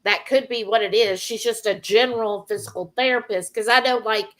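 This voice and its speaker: Female co-host, bright and chatty, keeps the talk going with questions. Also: a little high, a little fast. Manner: chatty, many fillers, prompting questions. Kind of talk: casual chat.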